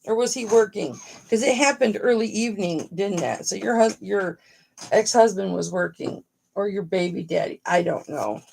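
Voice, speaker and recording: A woman's voice: medium pitch, moderate pace, creaky, a little mellow, slight background noise. A middle-aged woman hosting a casual live stream, talking frankly and motherly to her viewers and swearing freely.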